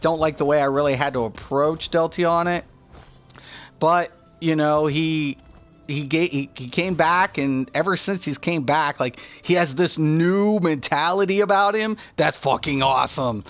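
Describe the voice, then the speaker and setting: A man's voice: on the high side, unhurried. A young man chatting casually while streaming a game, rambling and profane, with laughs between his thoughts. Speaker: gaming streamer. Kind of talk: casual live-stream chat.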